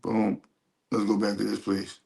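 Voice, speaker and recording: A man with a gravelly, fry-edged voice talks over a video he is reacting to. His delivery is animated and profane, and he reads search results aloud as he goes. It is casual stream commentary. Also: fairly low pitch, measured pace, a little hiss or hum.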